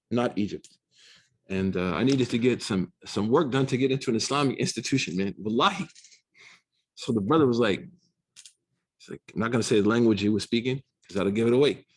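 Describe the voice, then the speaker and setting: Brief: American male teacher, rapid-fire, animated, slangy classroom talk. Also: mid-range voice. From United States. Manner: fast, slangy, animated storytelling with Arabic recitation. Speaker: Islamic studies teacher. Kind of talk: casual classroom lecture. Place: university classroom.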